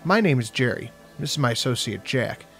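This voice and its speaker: A man's voice: mid-range voice, animated, fairly quick, fairly bright tone, soft background music. A man voicing a brash, joking young man who talks in a breezy, mock-polite way.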